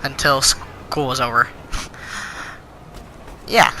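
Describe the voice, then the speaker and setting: A man's voice: mid-range voice, huge pitch swings, extremely slow, sharp tone, slight background noise, poor audio. A teenage boy telling a school story in an indignant, rambling way, full of fillers. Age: teens. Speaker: channel host. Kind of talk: storytime rant.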